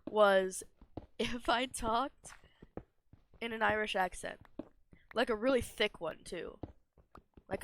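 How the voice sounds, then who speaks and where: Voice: medium pitch, a bit bright, a little hiss or hum. A young adult streamer giving casual, rambling gameplay commentary, self-deprecating and often laughing. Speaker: gaming streamer.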